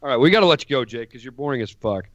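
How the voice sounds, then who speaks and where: A man's voice: mid-range voice, lively intonation, rapid-fire, no room sound, highs cut off. A man co-hosting a live podcast from a garage, teasing and laughing in crude casual chat. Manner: mocking, laughs a lot. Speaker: podcast co-host.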